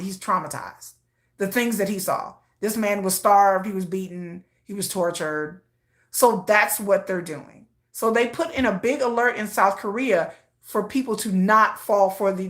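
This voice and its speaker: A woman vlogger retelling news in casual commentary, acting out the people in the story as she goes. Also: a little high. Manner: animated storytelling, acting out quoted voices.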